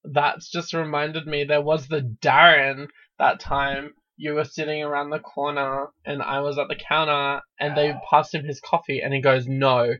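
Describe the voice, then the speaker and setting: A man's voice: on the high side, little pitch movement, moderate pace, few pauses, sharp tone. A man co-hosting a casual chat, reacting to stories and prompting with questions. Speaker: podcast co-host. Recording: dull lo-fi sound.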